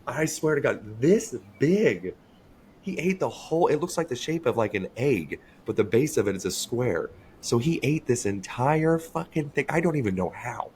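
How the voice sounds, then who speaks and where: Animated, profane male storyteller. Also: medium pitch, normal speed, slight background noise. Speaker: podcast co-host. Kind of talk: casual podcast chat.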